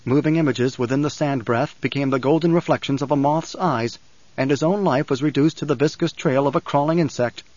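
A man narrating a novel in a measured, even storytelling manner. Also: mid-range voice, no room sound, muffled recording. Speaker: audiobook narrator. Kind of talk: scripted narration.

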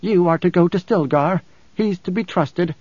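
A man's voice: high voice, normal speed, a little mellow, no echo, voice pushed up. A man doing an insistent old desert elder. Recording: slightly dull dry recording.

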